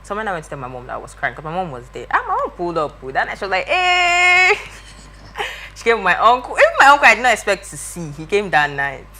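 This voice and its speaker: A young woman, a guest telling a story in a lively way and acting out the voices of the people in it. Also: on the low side, very fast, few pauses, slight background noise. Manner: lively, acts out quoted voices. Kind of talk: animated storytelling.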